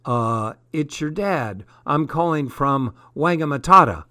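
A man voicing an exasperated middle-aged father phoning home from abroad, blustery and quick to scold. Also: a little high, lively intonation, sharp tone, dry recording, clean studio sound, exaggerated voice. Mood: chatty. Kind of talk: audiobook character voice.

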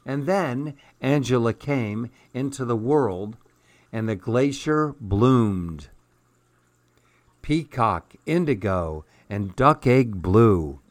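Brief: gentle male read-aloud narrator, unhurried, dry and close. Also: medium pitch, expressive, no room sound. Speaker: storyteller. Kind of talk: children's storybook read-aloud.

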